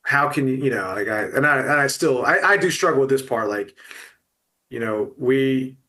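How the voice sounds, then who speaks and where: A man's voice: medium pitch, animated, bright, forceful tone. A middle-aged man talking about loss in an emotional podcast conversation, full of restarts and fillers. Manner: halting, many restarts and fillers. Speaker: guest.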